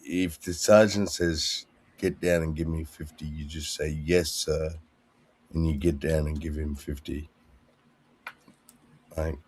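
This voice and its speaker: Low-voiced dude hosting a chat, slow, cusses a lot, does little voices. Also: male voice, darkish tone. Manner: slow, laid-back, profane, acts out quotes. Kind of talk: casual chat.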